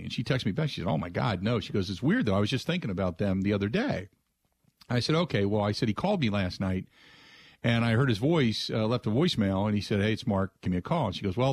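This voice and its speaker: Rambling low-voiced radio host, dry studio. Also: male voice, dry recording. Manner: rambling, restarts, animated when quoting others. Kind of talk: casual storytelling on talk radio.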